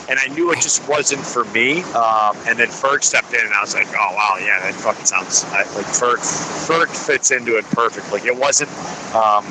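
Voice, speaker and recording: A man's voice: medium pitch, noisy background. A man leaving a rambling, casual voice message, swearing freely. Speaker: show contributor. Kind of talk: recorded voice message.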